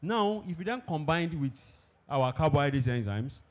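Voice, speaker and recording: This industry presenter has a voice on the high side, with lively intonation and normal speed. Addressing farmers in a conference hall with a live audience, he works through a technical presentation on animal feed step by step and quizzes the room as he goes.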